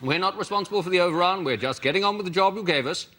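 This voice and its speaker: A man's voice: sits high, rapid-fire. A man voicing a put-upon builder answering back to royalty. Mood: cheeky. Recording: loud noise behind.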